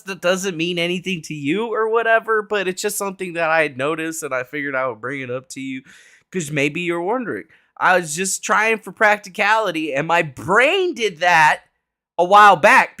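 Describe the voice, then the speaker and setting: Profane, rambling high-voiced male streamer. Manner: rambling, profane, animated asides. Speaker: streamer and commentary host. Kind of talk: casual livestream chat and political commentary. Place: home desk setup.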